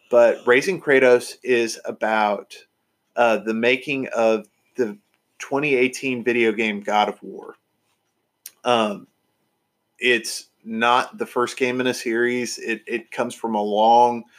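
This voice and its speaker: A man's voice: mid-range voice, a bit bright. A man hosting a podcast, chatting casually and enthusiastically with lots of fillers and restarts. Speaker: podcast host.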